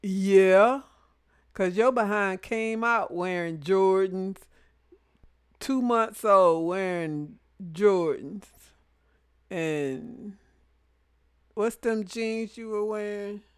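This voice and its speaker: A woman's voice: mid-range voice, drawn-out words, long pauses, clean tone, no room sound, studio quality. A middle-aged woman teasingly chatting about her son's childhood. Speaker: the storyteller's mother. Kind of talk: casual chat.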